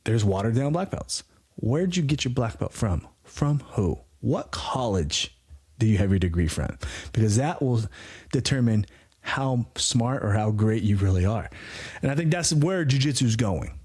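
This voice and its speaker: A man's voice: mid-range voice, animated, normal speed, a little mellow, breathy edge. A man in his forties co-hosting a podcast, talking in a blunt, profane, rambling way. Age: 40s. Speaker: podcast co-host. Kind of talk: casual podcast chat.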